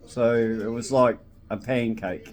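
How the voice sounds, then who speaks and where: A man's voice: medium pitch, steady tone, slow pace, faint music behind. A man telling a casual anecdote, rambling with restarts and frequent "so anyway".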